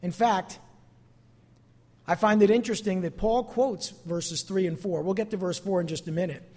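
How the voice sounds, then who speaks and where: A man preaching a sermon as pastor, expressive and calling out to his congregation for amens. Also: high-pitched, normal speed, in a large hall.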